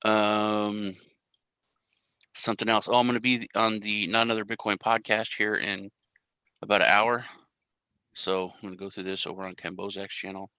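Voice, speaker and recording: A young American man hosts a casual crypto live stream. His voice sits fairly low but comes across bright and forward. The sound is close and dry, and his talk rambles from joke to joke. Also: level tone, normal speed, pauses often, clear, resonant tone, no room sound, rough recording. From US Central Time Zone. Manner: rambling, jokey, self-deprecating. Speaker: crypto show host.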